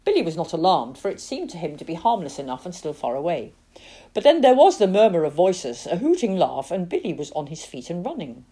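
A female narrator reads a storybook aloud in a low, husky voice at a brisk pace. Her expressive, dramatic delivery swings widely in pitch while the tone stays mellow and soft-edged.

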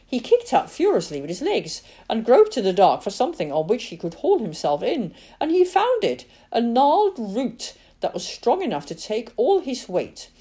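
A woman giving a dramatic, expressive reading of a children's novel as its narrator. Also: on the high side, moderate pace, few pauses, husky. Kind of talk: storybook narration.

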